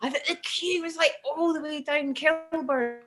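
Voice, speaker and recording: A woman's voice: sits high, moderate pace, fairly bright tone. A Scottish woman in her forties, a guest chatting casually over a remote call and laughing often as she tells stories. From Scotland. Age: 40s. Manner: chatty, laughs often, acts out voices in anecdotes. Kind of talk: casual chat.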